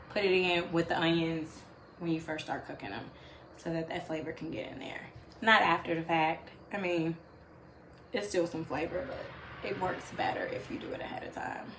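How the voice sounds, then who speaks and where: A woman hosting a home cooking show, telling chatty stories with laughs and asides to her viewers. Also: on the low side. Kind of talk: casual storytelling while cooking. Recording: echoey room with faint background noise.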